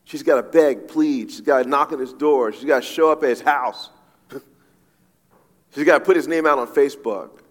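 A man's voice: mid-range voice, normal speed. A man preaching a sermon as a pastor, talking conversationally with frequent asides and repeated "right?" checks to his listeners. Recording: long reverb of a large hall.

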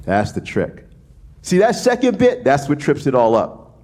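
Animated male preacher from New Orleans. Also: medium pitch, normal speed. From New Orleans, USA. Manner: animated, casual preaching with frequent restarts and "right?" asides. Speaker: pastor. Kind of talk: sermon.

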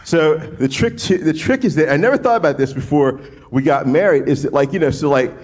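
A man from New Orleans delivers a sermon in a loose, conversational way, trailing off, restarting and checking in with "right?". His pitch swings widely as he talks. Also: fairly quick. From New Orleans, USA. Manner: animated, casual preaching with frequent restarts and "right?" asides. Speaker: pastor.

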